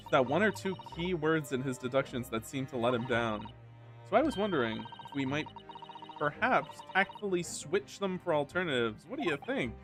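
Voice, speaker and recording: Man voicing a polite earnest young woman assistant, gentle, lively pitch. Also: normal speed, music in the background.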